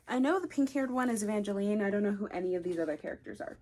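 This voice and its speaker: A woman chats casually through a book unboxing vlog. She gushes with excitement and keeps falling into breathy whispers. A faint hiss of noise sits under her voice. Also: mid-range voice, very fast, few pauses. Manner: gushing, often dropping to breathy whispers. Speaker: book vlogger.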